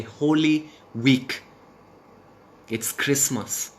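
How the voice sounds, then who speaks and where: Syrian guy venting on his live stream, mid pitch, swears a lot, faint hum behind him. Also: steady tone, moderate pace. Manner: impassioned, swearing, repeats phrases for emphasis. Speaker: livestream host. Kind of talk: emotional live stream rant.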